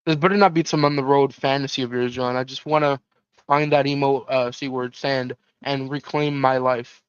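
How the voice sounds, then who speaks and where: A man's voice: mid-range voice, fairly even intonation, moderate pace, clear, resonant tone, no room sound, lo-fi sound, lightly acted. A man voicing a crude, grumpy sidekick. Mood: scornful.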